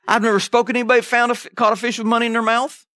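A man's voice: very high voice, flat delivery, racing, pushed and bright, dry recording, studio quality. A man preaching a sermon in a conversational way, checking in with the congregation as he goes. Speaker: pastor.

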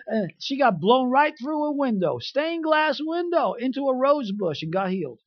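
Animated high-voiced man preaching with jokes. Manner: animated, shouting punchlines, quick asides. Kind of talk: humorous sermon storytelling. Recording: dull lo-fi recording.

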